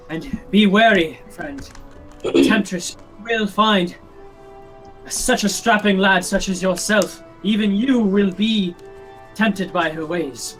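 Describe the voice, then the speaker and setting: A woman's voice: on the high side, pitched above the performer's own voice, lightly acted, poor audio. A woman voicing a self-whipping penitent man with overwrought, pleading piety.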